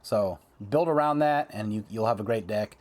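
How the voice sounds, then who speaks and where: A man's voice: on the low side, moderate pace. A man hosting a card-game video, talking casually and ranting heatedly, with lots of fillers and repeated phrases.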